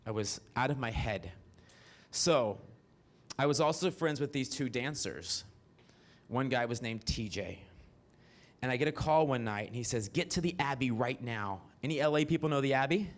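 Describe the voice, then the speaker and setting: Brash, profane man telling stage stories. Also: moderate pace. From American South. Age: 40s. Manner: brash, profane, animated with sudden high squeals. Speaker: stand-up storyteller. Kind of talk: stand-up comedy storytelling. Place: theater stage.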